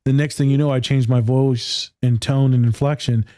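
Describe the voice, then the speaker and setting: A man co-hosting a casual podcast, telling animated stories and swearing freely. His voice is dark and mellow, recorded close and dry with no room sound. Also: mid-range voice, normal speed, no room sound. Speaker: podcast co-host, therapist. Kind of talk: casual chat.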